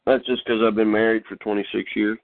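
A middle-aged man hosting a call-in show, teaching a Bible lesson while getting over a cold, pausing often to clear his throat. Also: fairly low pitch, flat delivery, a little hiss or hum. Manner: halting, frequent throat-clearing and fillers. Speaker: host. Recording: dry, tinny phone line.

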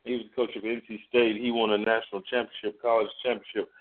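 A man leading a prayer line, praying and then chatting with callers in a halting way, full of fillers and restarts. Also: on the low side, little pitch movement. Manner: hesitant, many fillers and restarts. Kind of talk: prayer and call-in chat. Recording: tinny phone line.

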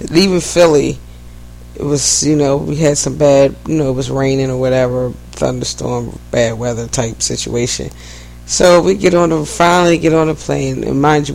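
A man from the Philadelphia–New Jersey area co-hosting a podcast, telling animated stories in casual chat and laughing often. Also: medium pitch, creaky, rough recording. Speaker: podcast co-host.

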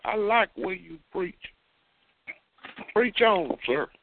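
A man's voice: sits high, expressive, slow pace, slight background noise. A male host taunting a caller in a mocking, teasing way. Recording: dry tinny phone line.

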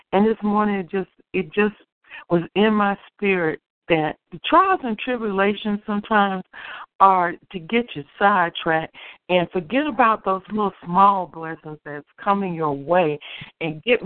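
Caller sharing a praise report, a bit halting, dry phone sound. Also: mid-range voice, no echo. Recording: tinny phone line.

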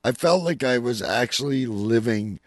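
A man's voice: medium pitch, animated, moderate pace, no echo, clean studio sound. A male podcast co-host in casual, joking chat.

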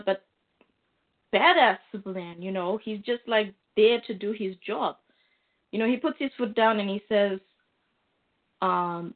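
A woman co-hosting a casual chat show, recapping a comic book with amusement and plenty of fillers. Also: medium pitch. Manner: chatty and amused, with frequent fillers. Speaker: podcast co-host. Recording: phone-like narrow sound.

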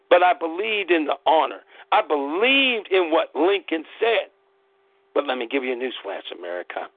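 A man's voice: fairly high pitch, no echo. A man hosting an internet radio show, delivering a fired-up, profane political rant in angry bursts. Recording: tinny phone-line audio, dry.

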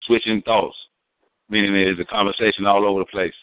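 A man's voice: fairly low pitch, little pitch movement, fairly quick, a little hiss or hum. A man in casual, profane, rambling talk, explaining slang terms and acting out quotes. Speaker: guest. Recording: dry, phone-like sound.

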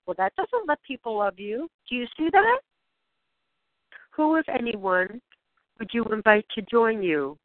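A woman leading a channeled spiritual guidance session, speaking in gentle, questioning prompts to the listener. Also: a little high, very animated, a little slow, long pauses, no echo. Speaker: spiritual guide. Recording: dry, tinny phone-like sound.

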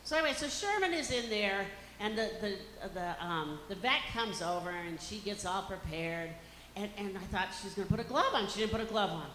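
A woman's voice: mid-range voice, lively intonation, brisk, fairly bright tone, a little hiss or hum. A woman performing a bawdy stand-up comedy set on a club stage. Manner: bawdy, brash punchlines. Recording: echoey club with reverb.

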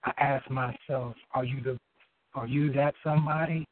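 A man calling in to read his spoken-word poem, halting at times and filling gaps with fillers and restarts. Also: medium pitch, fairly even intonation. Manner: halting, with many fillers and restarts between lines. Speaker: caller reading his poem. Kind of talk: spoken-word poetry over the phone. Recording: tinny phone line.

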